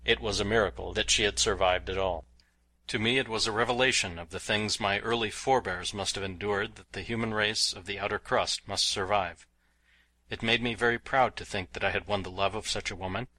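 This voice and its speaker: A man narrating a novel as an audiobook in a steady, measured storytelling manner. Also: lowish voice, rough recording.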